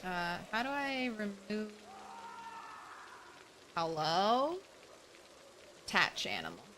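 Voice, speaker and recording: Young adult woman, game streamer, casual chatty commentary, bright tone, slow pace. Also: medium pitch, wildly swooping pitch, a little hiss or hum. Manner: chatty, swears casually, talks to the game animals.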